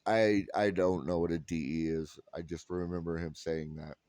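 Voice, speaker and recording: A man's voice: low voice, steady tone, moderate pace, darkish tone, dry recording. A man in his thirties telling a funny story in a casual vlog, quoting people and laughing often. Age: 30s. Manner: rambling with restarts and "like". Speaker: vlogger.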